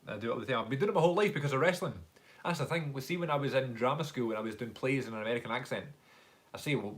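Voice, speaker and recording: A young Scottish man hosting a casual live-stream Q&A from his phone, chatting at length and reading out viewer comments. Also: mid-range voice. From Scotland. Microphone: phone front camera.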